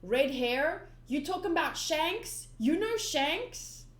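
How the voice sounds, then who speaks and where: A woman reading the lines of a brash young male pirate, blunt and impatient, with loud excited outbursts. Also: high-pitched, slow pace, pitched above the performer's own voice. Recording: roomy echo.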